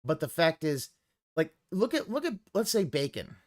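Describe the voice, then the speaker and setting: On a live stream, this man's fairly high voice moves at normal speed while he reacts to a clip. He rambles and swears, keeping his casual commentary animated.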